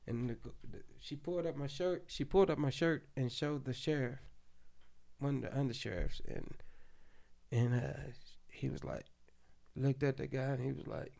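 A middle-aged man with a gravelly, fry-edged voice tells a story as a podcast guest. He talks loosely and profanely, circling back with "you know what I'm saying" and "this, that, and the other." His voice sits at an ordinary middle pitch. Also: moderate pace, a little mellow. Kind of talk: storytelling in casual chat.

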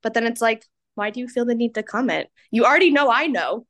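A woman's voice: fairly high pitch, lively intonation, fast, fairly bright tone. A woman in her twenties, a podcast guest telling personal stories in a chatty, self-mocking way and laughing often. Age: 20s. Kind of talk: candid personal storytelling.

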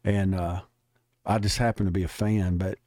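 A man with a fairly low voice talks as an interview guest. He is emphatic and plainspoken as he tells stories. The sound is dry and close. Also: flat delivery, normal speed, a little mellow, no room sound. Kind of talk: casual interview talk.

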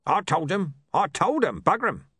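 A man's voice: sits high, sing-song, normal speed, fairly bright tone, slightly rough, no echo, clean studio sound, voice pushed up, heavily acted. A man voicing a filthy, rude old male street beggar with a coarse, mumbling way of talking. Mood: surly.

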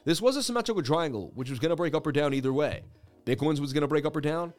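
A man's voice: a little high, expressive, quick pace, a little mellow, soft background music. A man in his thirties hosting a crypto trading livestream, rambling through charts in casual chat and laughing at his own jokes.

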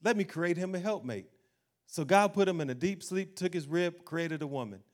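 A man preaching an animated sermon as pastor, acting out doubting voices and laughing along the way. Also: sits high, moderate pace.

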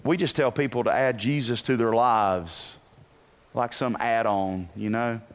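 A man preaching a sermon as pastor, moving from quiet asides to loud bursts and telling folksy, humorous stories. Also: medium pitch, steady tone, measured pace.

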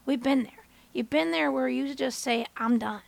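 A woman hosting a motivational talk, telling a story in a lively, conversational way and often asking listeners "right?". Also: high-pitched, normal speed, vocal fry, dry recording. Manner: animated, acts out her own and others' words in bigger voices. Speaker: host. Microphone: camera.

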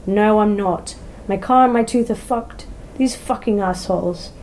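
A woman's voice: medium pitch, unhurried, a little mellow, slight background noise, voice pushed up, close to an everyday voice. A woman voicing a hot-tempered adult male criminal who snaps and swears in a storybook reading. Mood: angry. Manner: swearing, snapping and demanding.

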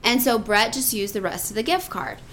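A woman's voice: fairly high pitch, lively intonation, moderate pace, a bit bright. Blunt, profane woman telling stories. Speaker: podcast co-host. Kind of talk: casual chat.

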